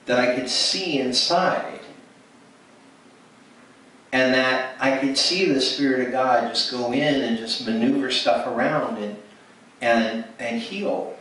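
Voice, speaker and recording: A man's voice: mid-range voice, a bit bright. Man telling a testimony in an echoey hall. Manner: storytelling, acts out quoted dialogue with frequent restarts. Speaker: speaker at ministry event. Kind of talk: testimony sermon. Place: church hall. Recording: echoey hall from far off, faint noise.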